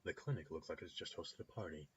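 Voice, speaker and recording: A man's voice: a bass voice, fast, highs cut off, slight background noise. A man hosting a let's play, reading the game's narration aloud. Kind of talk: reading game text aloud.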